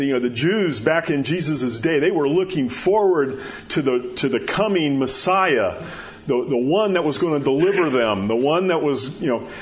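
A man in a fairly high voice preaching a sermon, talking conversationally and repeating words as he goes. He lifts his pitch to stress a point. The recording is dull and lo-fi. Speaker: pastor.

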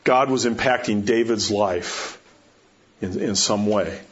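A man's voice: on the low side, takes it slowly. Pastor guy giving a sermon, repeats rhetorical questions, muffled lo-fi sound. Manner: emphatic, rising in storytelling. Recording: dull lo-fi recording.

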